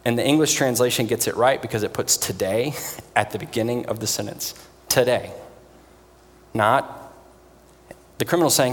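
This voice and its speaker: A man preaching a sermon in an earnest, emphatic way, pausing for weight. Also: medium pitch, a bit bright, in a large hall. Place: church.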